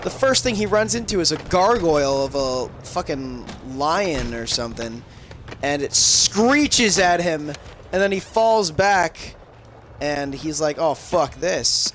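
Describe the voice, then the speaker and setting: On a game stream, a man casually retells a movie plot, rambling, swearing, and leaning on lots of fillers. His voice is a little high and a bit bright, with lively intonation and a measured pace, heard through crackly audio with background noise.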